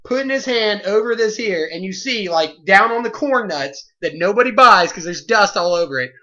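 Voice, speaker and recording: A man who works as a convenience store clerk, telling a story in an animated, rambling rant full of "like" and "you know". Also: high voice, moderate pace, muffled recording.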